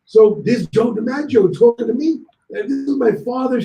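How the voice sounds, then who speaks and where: High-voiced man telling stories in an echoey room. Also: fairly quick, few pauses. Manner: lively storyteller who acts out other people's lines. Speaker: guest. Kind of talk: anecdotal storytelling.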